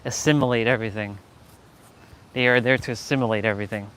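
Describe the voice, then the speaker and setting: A man with a Southern American accent talks casually to his live stream chat. His voice sits at an ordinary middle pitch. He rambles playfully, answers viewers and laughs often. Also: fairly even intonation, fast, a bit bright, a little hiss or hum.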